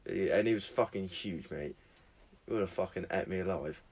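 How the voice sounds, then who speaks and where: A man's voice: low-pitched, fairly quick. Sweary man telling a story. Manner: sweary, storytelling, laughs often. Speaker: podcast co-host. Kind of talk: casual chat.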